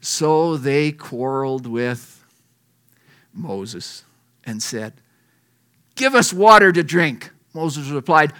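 A man's voice: on the high side, expressive, takes it slowly, long pauses, a bit bright, clear, resonant tone. A middle-aged man preaching a folksy sermon, reading scripture aloud and acting out the lines. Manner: folksy and conversational. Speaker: pastor.

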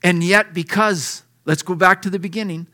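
A man's voice: high-pitched, fairly even intonation, moderate pace, pushed and bright. A middle-aged man preaching a folksy sermon, reading scripture aloud and acting out the lines. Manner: folksy and conversational. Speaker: pastor.

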